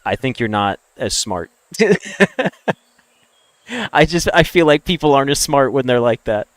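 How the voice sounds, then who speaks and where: A man's voice: mid-range voice, no room sound. Blunt, opinionated American man ranting. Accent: General American. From American Deep South. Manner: blunt, opinionated, swears freely. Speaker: streamer. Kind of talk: casual livestream rant.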